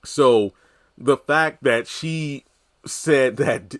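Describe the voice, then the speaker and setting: A man's voice: medium pitch, normal speed, a bit bright. A man giving casual, rambling commentary, heavy on filler words. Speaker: TV recap commentator.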